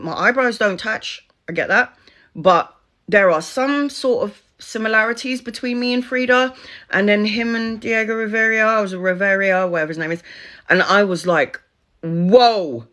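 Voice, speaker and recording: A middle-aged woman tells her viewers a personal story in a loose, candid vlog style. Her voice is bright and forceful at a middle pitch. She laughs often and swears without a second thought. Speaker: spiritual content creator.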